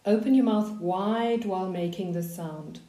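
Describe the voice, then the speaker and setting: Slow, calm woman coaching voice warm-ups. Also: mid-range voice, reverberant. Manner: slow, calm, soothing guidance. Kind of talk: guided voice warm-up instruction.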